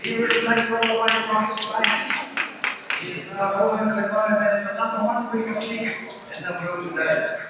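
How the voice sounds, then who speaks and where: A man's voice: high-pitched, steady tone, normal speed, heavy background noise. A man presenting a live farm show on stage, joking with the audience and the animals. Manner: jokey, banters with the crowd and sheep. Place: large indoor show arena. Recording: distant, echoey hall with crowd.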